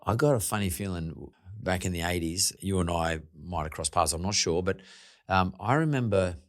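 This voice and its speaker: A man's voice: sits low, moderate pace. A man hosting a podcast, chatting casually with his guests, laughing and swearing offhandedly. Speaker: podcast host. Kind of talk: casual interview.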